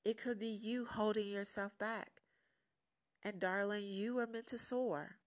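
A woman's voice: mid-range voice, steady tone, measured pace. A woman hosting her own podcast in a casual, candid solo monologue that turns motivational. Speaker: podcast host.

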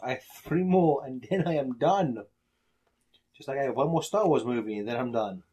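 A man's voice: mid-range voice, normal speed, dark tone, breathy edge. A man in casual chat, rambling bluntly through his opinions and swearing freely.

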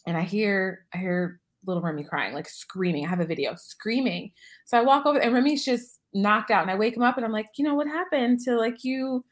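A young adult woman co-hosting a podcast, telling a lively story in casual chat with plenty of laughter. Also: medium pitch, fairly quick. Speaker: podcast co-host.

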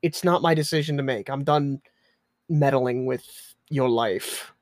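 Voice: medium pitch, dry recording. Player tripping over every word, middle voice, dead dry mic. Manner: halting, stammering, apologetic. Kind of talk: tabletop role-play.

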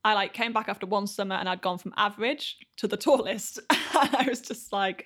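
A woman's voice: medium pitch, fairly quick, a bit bright. A young woman, a podcast guest talking about herself in an upbeat, self-effacing way. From Yorkshire, north of England. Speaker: guest, blogger. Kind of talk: casual interview chat.

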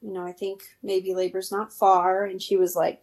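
A woman's voice: mid-range voice, level tone, slow pace, darkish tone. Chatty woman telling a story. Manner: chatty, laughs often, many fillers. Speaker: podcast guest. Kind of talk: casual storytelling.

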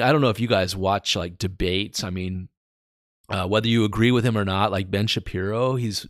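A man giving informal Bible teaching on his podcast, chatting casually and slowing down to read scripture with emphasis. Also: sits low, dry recording, studio quality. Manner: conversational, reads scripture slowly with emphasis.

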